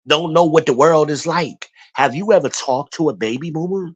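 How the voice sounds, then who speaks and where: A man hosting a casual stream, ranting bluntly with lots of cursing and rambling asides. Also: a little high. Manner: blunt, profane, rambling rant. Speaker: channel host.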